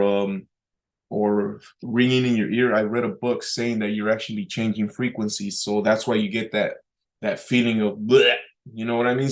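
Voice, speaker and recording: A man hosting a casual talking-head vlog, rambling and halting with many fillers and restarts and often clearing his throat, sometimes pushing hard emphasis into his words. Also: on the low side. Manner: pushes emphasis into words on purpose as speaking practice. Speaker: vlog host.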